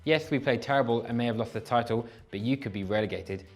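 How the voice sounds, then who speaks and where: A young man hosting a casual, comedic show that reads viewer comments, self-deprecating and given to animated bursts. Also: medium pitch, fast, faint music behind. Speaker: host reading viewer comments.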